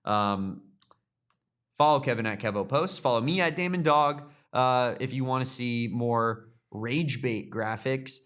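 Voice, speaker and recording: A man's voice: medium pitch, a little slow, a bit bright, smooth. A male sports talk host with an upbeat, chatty delivery and a mid-range voice. He talks casually, with easy fillers. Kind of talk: casual show sign-off.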